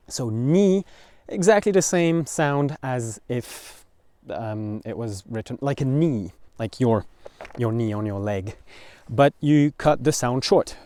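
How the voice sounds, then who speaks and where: Man, French accent, language teacher, patient explainer, medium pitch, dead dry recording. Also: mellow, no echo. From France. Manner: explains patiently, repeats words slowly to model sounds. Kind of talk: pronunciation lesson.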